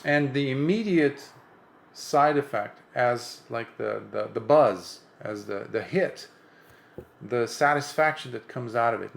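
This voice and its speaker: A man's voice: medium pitch, a little slow, creaky. A Buddhist monk giving an impromptu dharma talk, earnest and emphatic, lifting his voice on repeated points and often restarting his sentences.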